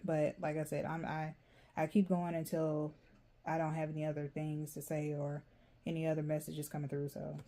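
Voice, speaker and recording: A woman giving a casual, rambling tarot reading, chatty and quick to laugh. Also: sits low, completely flat delivery, dark tone. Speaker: tarot reader.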